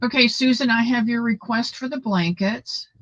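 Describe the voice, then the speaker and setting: A woman's voice: a little high, normal speed, a bit bright, no room sound, muffled recording. A woman hosting a casual live stream, greeting viewers by name and chatting about recipes. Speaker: livestream host.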